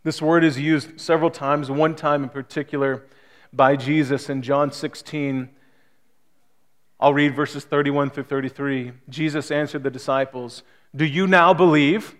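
A man's voice: on the high side, fairly even intonation, measured pace, a bit bright. Emphatic male pastor preaching. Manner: emphatic preaching with rising and falling intensity. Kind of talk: sermon. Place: small church hall.

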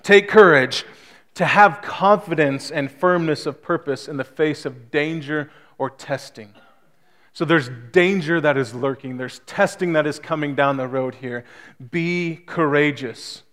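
Male pastor, fairly high voice, emphatic sermon delivery with building intensity. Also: unhurried, fairly bright tone. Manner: emphatic preaching with rising and falling intensity. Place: small church hall.

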